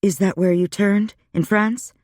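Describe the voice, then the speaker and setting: A man's voice: high-pitched, fairly even intonation, unhurried, darkish tone, no room sound, clean studio sound, pitched above the performer's own voice. A man voicing a frank, curious young woman in a raised, lighter tone for an audiobook.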